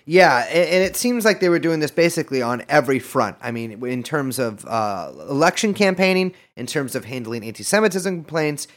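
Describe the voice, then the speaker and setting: A man hosting a podcast, chatting casually in an animated, rambling, self-mocking way. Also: fairly high pitch, a little fast, few pauses. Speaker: podcast host.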